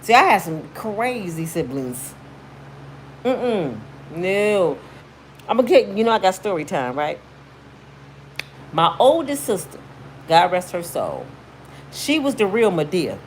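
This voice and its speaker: With a lowish voice, this woman vlogger takes her story slowly and pauses often, against slight background noise. Her commentary is casual, blunt and slangy, emphatic and animated, with quotes acted out in shrieks.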